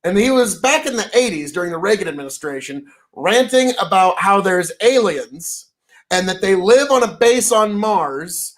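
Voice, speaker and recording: A man with a notably high voice, co-hosting a loose podcast conversation. He rambles through a story and swears freely as he goes. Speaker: podcast co-host. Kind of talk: casual chat.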